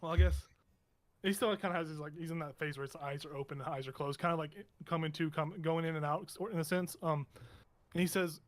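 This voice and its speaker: A man narrating a tabletop game as game master in a meandering, halting way with many restarts. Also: a little high, fairly even intonation. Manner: meandering, halting, self-correcting.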